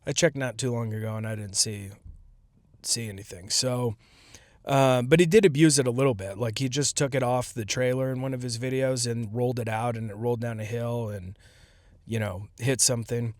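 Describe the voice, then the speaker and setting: A man's voice: medium pitch, fairly even intonation, normal speed, no room sound. Rambling man with a dry close sound. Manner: rambling, jokey, trails off and restarts. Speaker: podcast host. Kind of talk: casual solo commentary.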